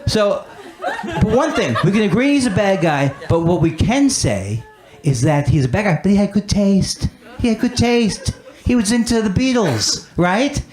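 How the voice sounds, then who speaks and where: A man performs a stand-up set in a club, mocking himself and riffing on his own lame jokes. His voice sits high with a darkish tone, expressive and at a moderate pace, while the roomy recording carries audience laughter.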